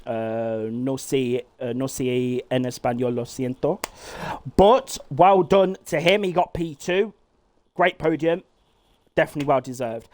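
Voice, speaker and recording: A man giving live play-by-play commentary on a sim race, excitable and swearing freely as he calls the action. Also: medium pitch, measured pace.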